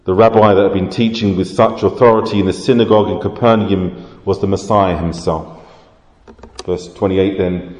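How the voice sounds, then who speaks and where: A man preaching a sermon, explaining scripture in a measured way. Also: low voice, fairly even intonation, a little mellow. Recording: roomy hall reverb.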